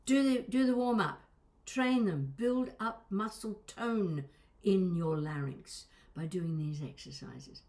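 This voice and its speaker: Animated woman voice coach. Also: moderate pace. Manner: animated, pleading, playful, shifts pitch to demonstrate. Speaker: voice and accent coach. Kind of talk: talking to camera about voice exercises.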